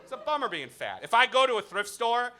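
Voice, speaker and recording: A male stand-up comic works a club crowd in a high, bright, sing-song voice that swoops widely in pitch. He shifts into mock outrage and rapid crowd work as faint laughter rises behind him.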